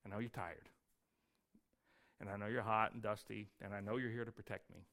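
A preacher playing a humble follower who gently offers to carry a soldier's pack. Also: male voice, lowish voice, steady tone, brisk, voice pushed down. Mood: gentle. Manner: gentle, soft-spoken. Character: meek, kindly male follower offering help.

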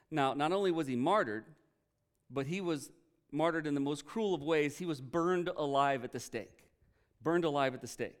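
Man, pastor, sermon, earnest storytelling, emotional, slightly higher voice, smooth and clear. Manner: earnest storytelling, emotional, retells quotes with energy.

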